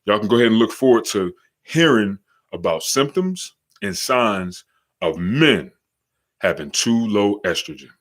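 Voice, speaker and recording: Hyped slangy man with a slight New York accent. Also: lowish voice. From Charlotte, North Carolina. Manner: hyped, slangy, calls out viewers. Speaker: podcast host. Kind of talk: casual live-stream talk.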